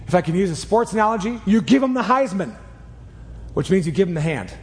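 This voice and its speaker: A man preaching a sermon in a church, earnest and emphatic, speeding up and slowing down as he drives each point home. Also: high voice, big pitch swings, a little mellow, big-room sound. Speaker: pastor. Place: church sanctuary. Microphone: clip mic.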